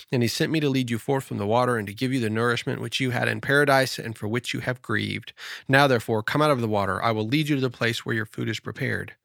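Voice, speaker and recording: A man's voice: mid-range voice, gravelly, a bit bright, no room sound, clean studio sound. A man reading aloud the lines of the devil, a fallen angel, insistent and resentful. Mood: coaxing.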